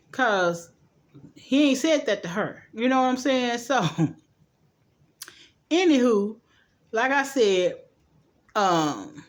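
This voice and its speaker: A woman recapping a TV episode in casual chat, sassy and playful, tossing in asides and acting out the characters' lines. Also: on the high side. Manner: chatty and sassy, quick asides like "child" and "boo"; acts out the characters' lines in quick changes of voice. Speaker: TV recap host.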